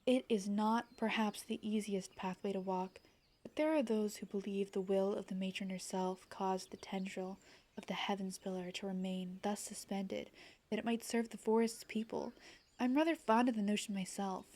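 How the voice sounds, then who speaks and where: A courteous, slightly fussy game path guard who fears heights and speaks in quaint, formal phrases, read aloud by a woman. The voice sits close to her everyday talk, at a middling pitch. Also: fairly even intonation, moderate pace, darkish tone, natural voice. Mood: genteel. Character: polite, chatty forest path guard, afraid of heights.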